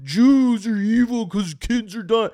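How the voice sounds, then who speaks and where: A man voicing an angry young man hurling slogans in a loud, heated rant. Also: high-pitched, a little slow, pitched above the performer's own voice. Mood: furious.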